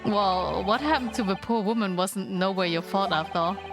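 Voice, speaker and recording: A woman's voice: medium pitch, normal speed, music in the background, close to an everyday voice. A woman reading a game aloud, voicing an earnest, bewildered young male lawyer in plain, puzzled questions.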